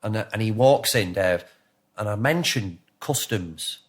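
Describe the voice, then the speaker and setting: A man's voice: lowish voice, animated, measured pace. A man in his thirties with a Lancashire accent, a guest chatting in a podcast interview, rambling and swearing with many restarts. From England. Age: 30s.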